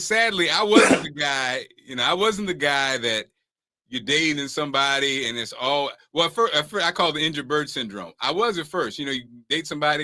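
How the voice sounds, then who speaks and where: Bright, high-voiced man hosting a chat. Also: no echo. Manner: laughs through his points, animated storytelling. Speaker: podcast host. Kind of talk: casual chat.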